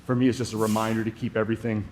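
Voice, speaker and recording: A man's voice: on the low side, rapid-fire, slight background noise. Laid-back man coaching a workout stream. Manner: relaxed, loose, joking asides. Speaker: fitness coach hosting livestream. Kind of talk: casual explaining workout, answering chat.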